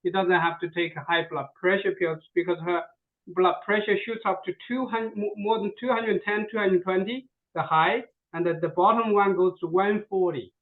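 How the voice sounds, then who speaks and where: A high-voiced man presents a product over a video call, eager and tripping over his words. He often repeats himself as he goes. His line sounds narrow and tinny, like a phone. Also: fairly even intonation, moderate pace. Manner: repetitive, stumbling, eager. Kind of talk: casual sales chat.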